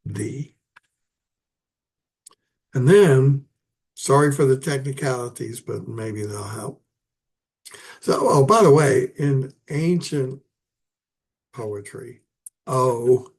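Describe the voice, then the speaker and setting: A man giving a casual, halting lecture on poetry, with many fillers and restarts. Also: medium pitch, vocal fry, darkish tone. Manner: halting, many fillers and restarts, chuckles at his own asides. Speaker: literature teacher.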